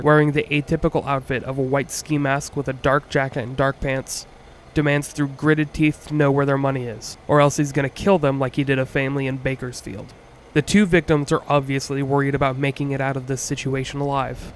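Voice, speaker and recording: A man hosting a podcast, reading a scripted true-crime story in a measured, earnest way with the odd wry aside. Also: medium pitch, a little hiss or hum. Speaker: podcast host.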